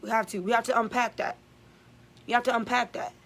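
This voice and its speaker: A woman's voice: a little high, fairly even intonation, fairly quick, a bit bright. A woman giving an emphatic, repetitive spiritual vlog monologue as a channeler.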